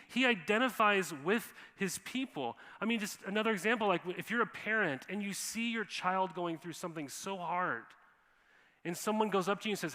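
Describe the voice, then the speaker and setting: A man's voice: sits high, normal speed, sharp tone. A male pastor from Montana preaching a sermon in a casual, conversational way, often acting out quoted voices. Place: church sanctuary. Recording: long reverb of a church hall.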